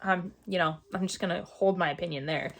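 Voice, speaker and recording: A woman's voice: lowish voice, fairly even intonation, fairly quick, creaky. A woman vlogging a casual book review, exasperated and sarcastic, repeating herself for emphasis.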